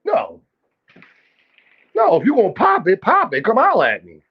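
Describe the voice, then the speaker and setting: A brash, profane man talks fast and loose on his livestream, calling out viewers and ordering people into his chat. His voice sits high for a man. The sound is dull and lo-fi, like stream audio. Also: huge pitch swings, husky. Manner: brash, profane trash-talking; addresses chat directly and calls out viewers. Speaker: boxing livestream host. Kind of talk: casual livestream commentary.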